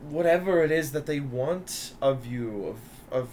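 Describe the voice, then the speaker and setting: A man voicing a scheming noblewoman who coaxes and pleads with her son in a soft, wheedling way. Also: on the high side, expressive, measured pace, slight background noise. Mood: pleading. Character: scheming noblewoman mother, coaxing and controlling.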